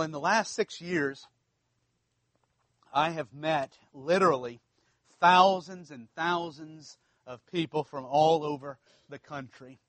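A man's voice: on the high side, fairly bright tone, dry recording. A man from South Louisiana with a local accent, preaching a sermon as pastor in a conversational, storytelling way with folksy asides.

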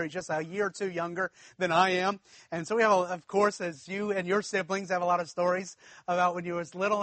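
A man's voice: high-pitched, a bit bright, no room sound. A man preaching a storytelling sermon, folksy and chuckling, talking straight to the congregation.

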